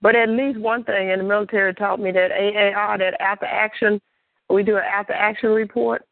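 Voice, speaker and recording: A woman giving a rambling church testimony, halting with fillers and restarts and breaking into praise to God. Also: mid-range voice, little pitch movement, creaky, no room sound, narrow, tinny audio.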